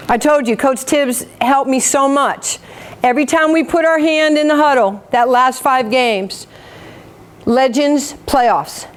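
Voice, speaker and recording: New lady in her 50s giving a lively story-packed talk, slightly high voice, acts out the dialogue. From New York. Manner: animated, acts out quoted dialogue. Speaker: guest speaker.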